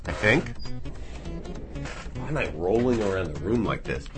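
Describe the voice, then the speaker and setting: A man hosting a live radio show in a studio, rambling and thinking out loud into the microphone. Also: fairly low pitch, lively intonation, measured pace, music in the background. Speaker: radio DJ and host. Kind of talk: casual live radio chat.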